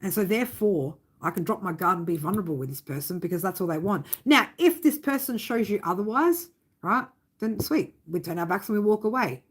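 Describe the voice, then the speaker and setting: A woman reads tarot live for her viewers, with a medium voice that is neither high nor low. She talks straight, giving tough love and swearing freely, and keeps checking in with "right?". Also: lively intonation, a little fast, slightly rough. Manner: blunt, swearing, fond tough-love talk with many "right?" tags. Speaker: tarot reader.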